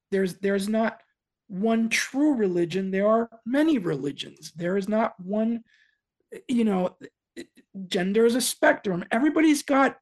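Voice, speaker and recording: A woman speaking as a podcast guest, an earnest voice actor talking in halting bursts with many restarts. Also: medium pitch. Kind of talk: casual podcast chat.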